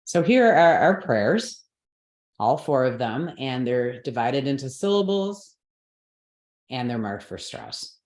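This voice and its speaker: Speaking slowly in a darkish, rumbling low voice with big pitch swings, a woman teaches Sanskrit pronunciation rules. She patiently confirms her students are following, frequently saying "right?" and "okay", and the audio carries a roomy echo.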